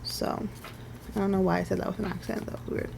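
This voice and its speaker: A woman's voice: medium pitch, little pitch movement, racing, creaky, background noise. A woman in her twenties chatting casually through a makeup wear test as a beauty vlogger, rambling with lots of "like"s and little laughs. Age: 20s.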